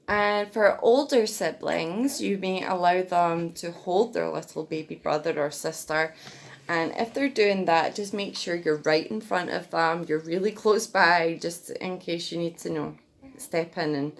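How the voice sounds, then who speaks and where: A young woman giving chatty, gentle parenting advice in a casual vlog. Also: low voice, vocal fry. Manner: chatty, gentle, breaks into sing-song baby talk. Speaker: parenting vlogger.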